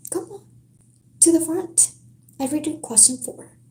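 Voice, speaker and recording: A woman's voice: high voice, lively intonation, unhurried, warm tone, echoey room, voice pushed up. A woman whispering a book aloud and voicing a cruel, mocking male math teacher who taunts in a sing-song way.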